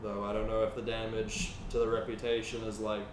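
A man's voice: on the low side, completely flat delivery, fairly quick. A man co-hosting a podcast, rambling casually and swearing freely. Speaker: podcast co-host. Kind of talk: casual chat. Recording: distant mic, roomy echo, faint noise.

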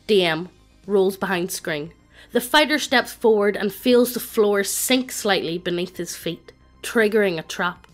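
A text-to-speech woman's voice narrating a tabletop game, with a flat, evenly paced computer reading. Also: mid-range voice, measured pace, soft background music.

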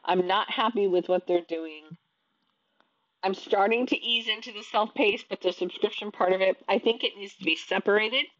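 A woman's voice: mid-range voice, normal speed, a bit bright, dry recording, dull audio. A woman in her thirties, an online teacher, venting her frustration in a casual talk to camera, often restarting her sentences.

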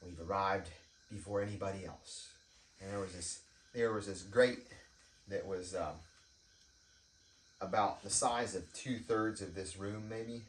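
A man's voice: deep voice, fairly even intonation, a little slow, pauses often, a little hiss or hum. Man preaching in an echoey room. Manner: rambling storytelling with frequent ums and restarts. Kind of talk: informal sermon story and prayer. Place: church prayer room. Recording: echoey room, mic at a distance.

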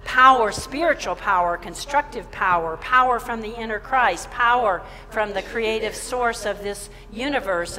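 A woman's voice: medium pitch, pushed and bright. Woman preaching in a reverberant church. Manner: emphatic, repeats phrases, asks the congregation questions. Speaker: minister. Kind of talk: sermon. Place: church sanctuary.

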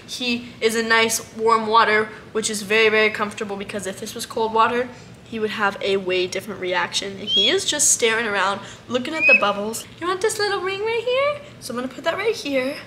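A woman's voice: fairly high pitch, a little fast, background noise. A young woman hosting a casual animal vlog, explaining things to viewers and cooing in baby talk to a pet. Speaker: animal care vlogger.

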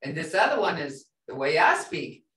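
A woman's voice: low-pitched, sing-song, moderate pace, a bit bright, distant mic. A woman teaching a language class, explaining patiently and repeating words with frequent checks of "okay?". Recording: roomy, off-mic classroom sound.

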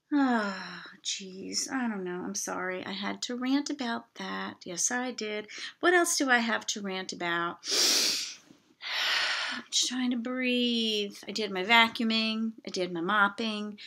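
Bright-voiced woman ranting to camera. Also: a little high. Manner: chatty, exasperated, self-mocking asides. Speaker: vlogger. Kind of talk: casual rant to camera.

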